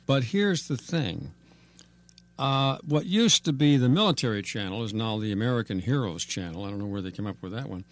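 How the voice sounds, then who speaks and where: Chatty, animated radio host man. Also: mid-range voice, fairly quick. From Ireland. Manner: chatty, wry, animated questioning. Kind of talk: casual radio chat.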